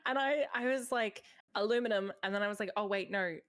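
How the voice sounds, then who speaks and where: A woman's voice: medium pitch, fairly quick, fairly bright tone. A woman chatting casually on a stream, laughing often.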